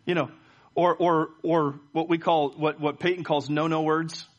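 In a church service, a middle-aged pastor preaches and leads a prayer at normal speed, his slightly high voice showing little pitch movement and the highs cut off. He tells stories, often repeating words in a stammer.

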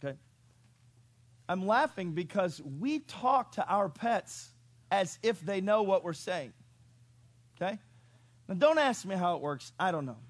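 A male pastor preaching a sermon in an animated storytelling way, chuckling and asking the congregation questions. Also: high voice, measured pace, long pauses, dry recording.

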